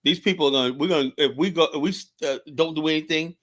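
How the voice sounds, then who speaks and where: A man's voice: fairly high pitch, fast talker, a bit bright. Male livestream host, casual rant, heated and profane delivery, rambles and restarts. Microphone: streaming setup mic.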